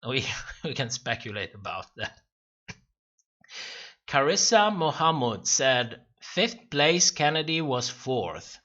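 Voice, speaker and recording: A man's voice: medium pitch, sing-song, takes it slowly, long pauses, sharp tone. Chatty man hosting a livestream, lo-fi sound. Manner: chatty, rambling, laughs often, many restarts. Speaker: livestream host. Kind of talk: casual livestream chat reading comments.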